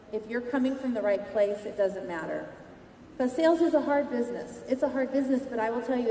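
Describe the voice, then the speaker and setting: A woman giving an energetic motivational keynote at a sales convention. She keeps asking the crowd questions, and her voice is worn from shouting. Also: a little high, a little hiss or hum. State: losing her voice. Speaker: sales conference speaker. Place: large convention hall. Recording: echoey hall, voice from far off.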